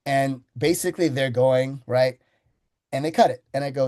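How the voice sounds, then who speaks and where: Mellow-voiced man coaching a sales team. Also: steady tone. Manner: storytelling, acts out his sales pitch with slow deliberate pauses. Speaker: sales trainer. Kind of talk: sales training talk.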